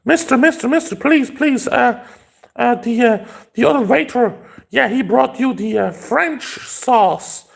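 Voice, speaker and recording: A man voicing a panicked young waitress who stammers and pleads in a shrill, frantic rush. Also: a little slow, vocal fry, heavily acted.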